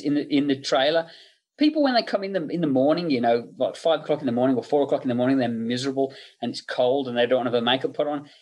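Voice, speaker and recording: A man's voice: a little high, slightly rough. Rambling middle-aged man telling stories. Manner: rambling, anecdotal, many fillers. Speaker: makeup effects artist, guest. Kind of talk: casual interview chat.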